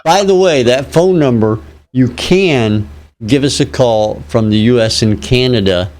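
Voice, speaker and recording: A man's voice: medium pitch, a little slow, a little mellow. A man from Illinois co-hosting a live show, chatting in a laid-back, joking way. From Illinois, United States. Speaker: co-host. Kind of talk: casual live show chat.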